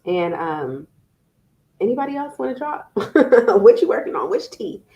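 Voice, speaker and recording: Lively woman giving parenting tips. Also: fairly high pitch, a little slow, highs cut off. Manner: lively, conversational, playful asides. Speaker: parenting educator. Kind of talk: live-stream talk to viewers.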